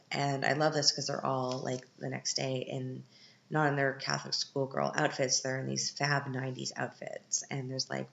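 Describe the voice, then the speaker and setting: A woman's voice: a bass voice, vocal fry, a bit bright, a little hiss or hum. A woman in her thirties casually recapping a film, chatty and candid with sarcastic asides. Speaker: podcast host. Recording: echoey, dull lo-fi room.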